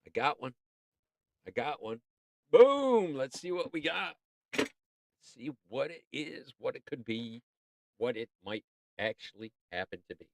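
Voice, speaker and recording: A man's voice: mid-range voice, measured pace, creaky, pauses often, a bit bright, no room sound. Rambling, playful male livestream host. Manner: rambling, playful, talks to himself. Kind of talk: casual livestream chat.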